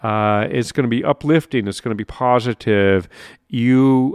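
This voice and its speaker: A man's voice: mid-range voice, normal speed, clear, resonant tone, no echo, studio quality. Upbeat man hosting a motivational podcast. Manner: upbeat, animated, laughs often, repeats words. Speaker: podcast host and life coach. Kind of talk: solo motivational podcast monologue.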